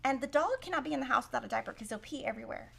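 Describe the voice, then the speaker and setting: A woman's voice: high-pitched, lively intonation, racing, gravelly, a bit bright, a little hiss or hum. A middle-aged woman hosting a quilting livestream, chatting and telling stories while she cuts fabric and thinks aloud through the math. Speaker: quilting show host. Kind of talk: casual chat while cutting fabric.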